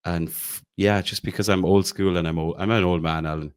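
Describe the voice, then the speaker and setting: A deep-voiced man from County Galway, Ireland, co-hosts a football podcast, rambling with enthusiasm and often restarting and correcting his sentences. His tone is steady and smooth, and he talks fairly quickly in this casual football chat.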